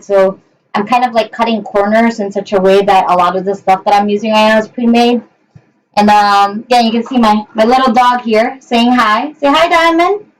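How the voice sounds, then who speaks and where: A young woman chatting through a live home cooking show in her kitchen, hesitant with many ums, talking to viewers and her dogs. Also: a little high. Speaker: cooking livestream host. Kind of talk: casual live cooking chat. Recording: voice a bit far from the mic.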